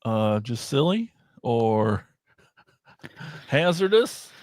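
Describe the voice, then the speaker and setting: A man hosting a podcast in casual chat, rambling and excitable, often trailing off and starting over. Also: medium pitch, very slow, no echo, studio quality. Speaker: podcast host.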